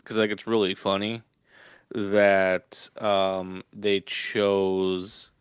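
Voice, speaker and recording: Low-voiced man co-hosting a podcast. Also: very slow, clean tone, no echo, studio quality. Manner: relaxed, hesitant, with restarts. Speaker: podcast co-host. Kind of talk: casual chat.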